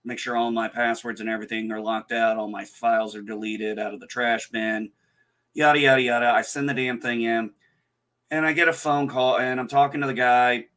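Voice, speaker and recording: A man's voice: medium pitch, steady tone, fairly quick, fairly bright tone. A man co-hosting a casual livestream chat, telling a story in a profane, exasperated way. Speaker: livestream co-host.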